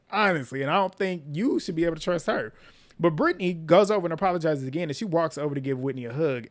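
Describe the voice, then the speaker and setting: A man giving a casual recap of a reality TV episode, chatty and opinionated, with slang and frequent laughs. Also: a little high.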